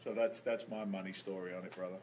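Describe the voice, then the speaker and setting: A man's voice: deep voice, fairly even intonation, fast talker, a little mellow, a little hiss or hum, poor audio. Man telling stories in an interview. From England. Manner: storytelling, repeats words as he restarts. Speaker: guest. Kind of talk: casual interview chat.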